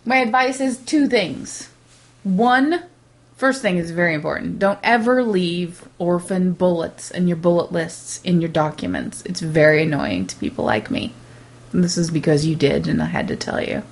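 A woman co-hosting a podcast in casual chat, talking in a rambling, animated way with many restarts. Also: fairly low pitch, moderate pace, gravelly. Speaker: podcast co-host.

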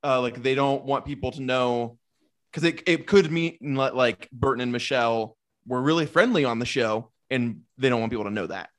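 A man's voice: mid-range voice, normal speed. A man co-hosting a podcast, chatting about a reality show with lots of "like" fillers. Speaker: podcast co-host. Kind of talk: casual chat recapping a reality show.

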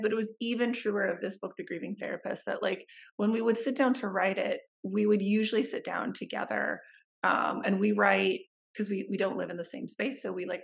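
A woman, a therapist guest in an interview, telling warm, expressive stories and acting out little quotes. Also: mid-range voice, vocal fry. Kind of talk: casual interview chat.

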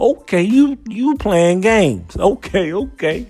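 A man hosting a comedic story time show, telling a tale in a profane, slangy, animated way. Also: sits high, measured pace, husky, soft background music.

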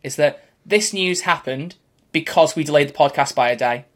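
Chatty podcast host. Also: male voice, on the high side, moderate pace, fairly bright tone. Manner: chatty, rambling, often laughing. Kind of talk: casual podcast chat.

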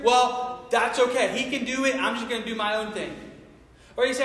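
A man's voice: very high voice, a little fast, a bit bright. A man preaching a sermon, full of impassioned rhetorical questions. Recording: echoey hall from far off.

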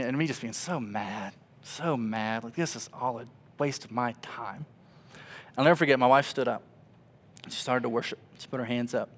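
A man in his twenties, a pastor, preaching a sermon as an emotional story, swinging from loud animated passages to hushed ones. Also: mid-range voice.

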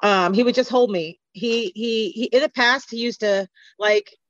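A woman with a slightly high voice speaks unhurriedly as a podcast guest. The conversation is candid, and she comes across as earnest, open, and reflective. The podcast audio is dull and lo-fi.

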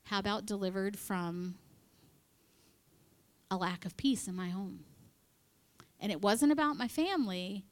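Unhurried and given to long pauses, a woman with a medium-pitched voice speaks to a women's church gathering in front of a live audience. Her sermon is chatty and conversational, with acted-out quotes and whispered asides.

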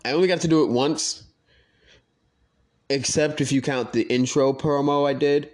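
Excitable, foul-mouthed young man telling stories. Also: fairly high pitch, normal speed. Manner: profane, excitable, quotes others in animated voices. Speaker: podcast host recounting his online wrestling league career. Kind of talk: casual storytelling monologue.

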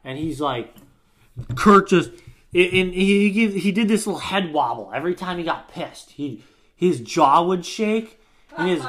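A man's voice: on the high side, fairly bright tone. Profane, rambling young man telling stories. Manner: profane, rambling storyteller with frequent restarts. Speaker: podcast co-host. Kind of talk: casual chat.

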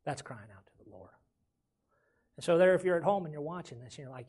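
A male pastor delivers his sermon in a husky, slightly raised voice. He talks in a folksy, plainspoken way and keeps checking in with the congregation with "amen?". His emphasis swells and drops as he preaches. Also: a little high, a little fast, a little mellow. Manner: preaching with rising emphasis and frequent "amen?" calls.

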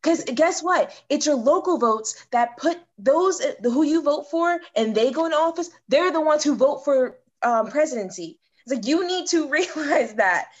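A woman's voice: sits high, expressive, moderate pace, few pauses. A woman co-hosting a podcast in casual chat, blunt and chatty, with lots of "like" in her talk. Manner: blunt, chatty, uses fillers like "like". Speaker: podcast co-host. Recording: dull lo-fi sound.

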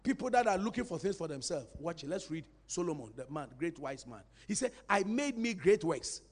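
A man preaching a sermon in a church, animated and playful, drawing responses from the congregation. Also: fairly high pitch, fairly quick, hardly any pauses.

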